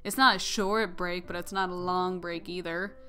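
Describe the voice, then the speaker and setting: A woman's voice: on the low side, steady tone, moderate pace, pushed and bright, soft background music. A young woman hosting a game playthrough, chatting casually with rambling, giggly asides. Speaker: gaming channel host. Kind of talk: casual let's-play commentary.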